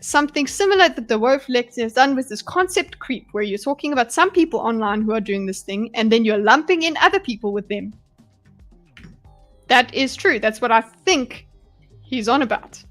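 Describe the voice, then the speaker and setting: A woman live-streams her breakdown of a debate, talking bluntly and animatedly and swearing freely. Her voice sits high. Faint music plays quietly underneath. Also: animated, normal speed. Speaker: livestream host analysing a debate. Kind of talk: live reaction commentary.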